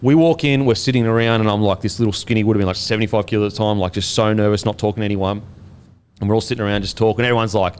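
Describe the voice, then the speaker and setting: An Australian man in his thirties hosting a podcast, telling a story in a casual, animated way and swearing freely. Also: fairly low pitch, very fast, a little hiss or hum. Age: 30s. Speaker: podcast host and former rugby league player.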